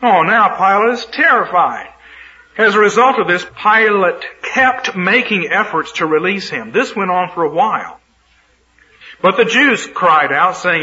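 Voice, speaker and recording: A man's voice: high-pitched, lively intonation, measured pace, sharp tone, muffled recording. A man teaching a sermon who reads scripture aloud and retells it with emphatic, dramatic commentary. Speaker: Bible teacher.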